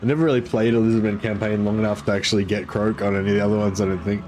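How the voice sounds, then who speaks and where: A man giving casual let's-play commentary, relaxed and rambling with frequent ums. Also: lowish voice, rapid-fire. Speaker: gameplay commentator.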